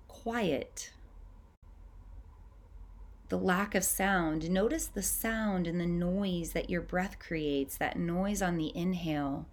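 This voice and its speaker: Female host, calm unhurried meditation guide, slightly low voice, long soft pauses. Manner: slow, gentle, soothing guidance with long pauses. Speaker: podcast host leading a breathing practice.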